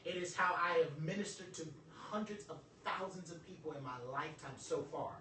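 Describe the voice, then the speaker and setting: A man's voice: fairly high pitch, fairly quick. A man giving a live talk to an audience, joking and preaching as he teaches. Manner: animated, joking, preacher-like delivery. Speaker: motivational speaker. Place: event room with audience. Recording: echoey room from far off, some noise.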